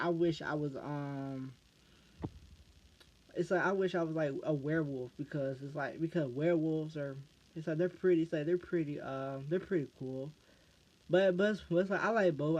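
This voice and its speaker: An American man chats through viewer questions in a loose vlog style, pitched a little on the high side. He trips over his words, looping back on half-phrases before finishing them. The sound is muffled and lo-fi. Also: a little mellow. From United States. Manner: halting, restarts phrases over and over. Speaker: YouTuber answering fan questions. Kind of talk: casual Q&A vlog. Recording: dull lo-fi recording.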